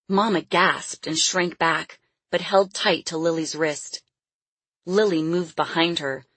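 A woman reading a novel aloud as an audiobook narrator, in a measured and expressive way. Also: fairly low pitch, husky, dry recording. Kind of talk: scripted storybook narration.

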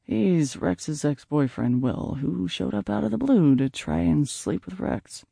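Blunt protective man, terse low lines, put on by a male narrator, gravelly edge. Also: animated, measured pace, dark tone, no room sound, full character voice. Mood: flat.

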